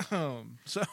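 Jokey man with a lively voice. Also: fairly high pitch, gravelly, dry recording. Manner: jokey, laughs often, teasing. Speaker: podcast co-host. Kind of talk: casual podcast chat.

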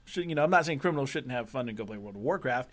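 A man's voice: mid-range voice, expressive, rapid-fire, fairly bright tone. Rambling, joking podcast man. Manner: rambling, joking, self-interrupting. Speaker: podcast co-host. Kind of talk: casual gaming podcast chat.

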